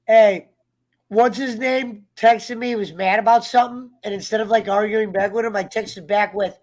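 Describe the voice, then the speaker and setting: A man's voice: sits high, steady tone, moderate pace, poor audio. A man chatting casually on a podcast, telling stories with lots of swearing. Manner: swears freely, tells stories animatedly. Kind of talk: casual chat.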